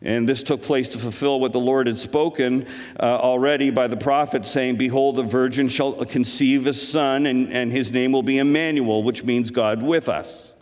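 Man preaching, earnest conversational sermon, church hall with long reverb, mid pitch. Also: steady tone, moderate pace, a little mellow. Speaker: pastor.

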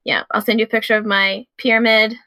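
A woman's voice: fairly high pitch, little pitch movement, fast talker, sharp tone, no echo. A woman co-hosting a podcast, chatting in an easygoing, agreeable way. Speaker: podcast co-host. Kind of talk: casual chat.

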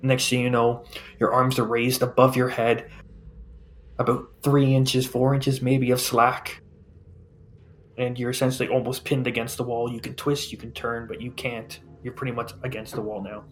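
A man narrating a tabletop game as game master, describing scenes in a measured way. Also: medium pitch, flat delivery, slight background noise.

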